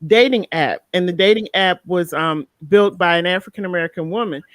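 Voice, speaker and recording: A woman hosting a casual live talk show, chatting and telling animated stories. She sounds tired near the end of the night. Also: on the low side, a little fast, dry recording. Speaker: show host.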